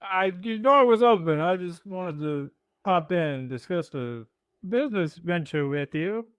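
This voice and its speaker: A man's voice: high voice, lively intonation, measured pace, clean tone, no echo. A man voicing a folksy small-town moonshiner who is chummy and wheedling and calls everyone buddy.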